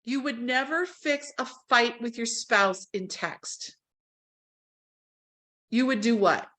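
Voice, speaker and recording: A woman's voice: a little high, slow pace, bright, forceful tone. A woman teaching a real estate training class to a live audience, talking animatedly and acting out quoted phone calls.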